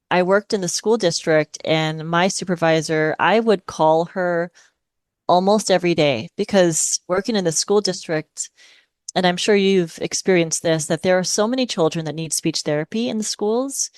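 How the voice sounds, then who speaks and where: A middle-aged woman from Hawaii speaks in a smooth, resonant voice that sits a little low. She explains her work with the patience of a speech-language pathologist, and she is recorded close and dry with no room sound. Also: unhurried, no echo. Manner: patient, explanatory, models phrases in a lilting parent voice. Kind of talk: podcast interview conversation.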